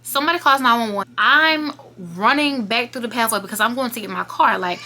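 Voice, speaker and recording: A woman's voice: on the high side, brisk, sharp tone, slight background noise. A young woman telling her viewers a painful personal story in a casual vlog, earnest and fighting back tears. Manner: earnest, emotional, talking straight to viewers. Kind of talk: emotional storytime monologue.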